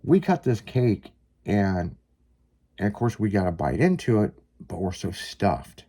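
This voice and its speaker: A man's voice: fairly low pitch, sing-song, measured pace, mellow, breathy edge. A man casually telling a long personal story, rambling with lots of fillers and some swearing. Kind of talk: casual chat, personal anecdote.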